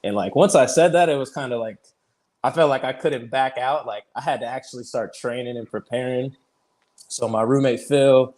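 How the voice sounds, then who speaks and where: A man in his thirties, a pitcher guest on an interview show, telling his story casually, peppered with "like" and easy laughs. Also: normal speed, a little mellow. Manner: chatty, fills speech with "like", retells conversations; laughs easily while telling stories.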